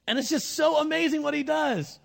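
A man preaching a conversational sermon with humorous asides, swinging between loud bursts and hushed moments. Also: very high-pitched, fairly quick, vocal fry. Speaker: pastor.

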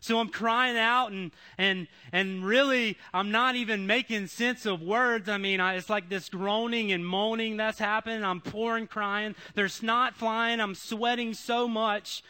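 A man giving an emotional testimony sermon, repeating phrases and swinging between loud, pleading passages and hushed ones. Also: high-pitched, smooth.

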